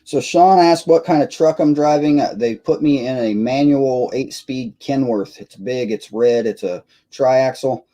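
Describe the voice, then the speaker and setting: A man's voice: medium pitch, a little slow, hardly any pauses, mellow, rough recording. Tired man hosting a casual live stream. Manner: rambling, self-deprecating, frequent fillers.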